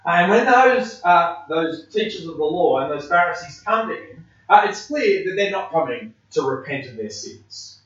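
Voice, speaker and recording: A man's voice: on the high side, big pitch swings, moderate pace, fairly bright tone. A man preaching a sermon in a conversational way, with frequent hesitations and fillers. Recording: distant, dull, very echoey room.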